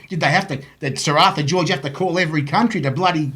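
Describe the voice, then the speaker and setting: A man hosting a casual live-stream chat, excitable, laughing often and calling everyone mate. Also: high-pitched, brisk, hardly any pauses. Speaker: host.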